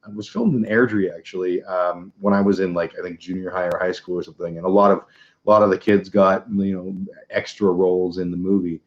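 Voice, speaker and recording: A middle-aged Canadian man with a Canadian accent hosts a casual chat, telling rambling, profane stories and acting out the characters' voices. His voice is low-pitched with fairly even intonation, he talks fairly quickly, and the recording has its highs cut off.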